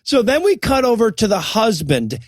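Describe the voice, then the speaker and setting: A man co-hosting a comedy podcast, recapping a bad movie in a deadpan, sarcastic way. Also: high voice, normal speed, no room sound. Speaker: podcast co-host. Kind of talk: casual comedic movie riffing.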